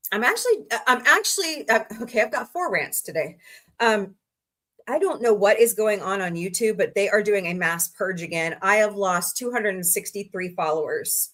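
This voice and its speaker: A woman's voice: mid-range voice, a bit bright. A woman from Missouri hosting a casual live stream, chatty and rambling with frank asides to her viewers. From Missouri, USA. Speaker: livestream host.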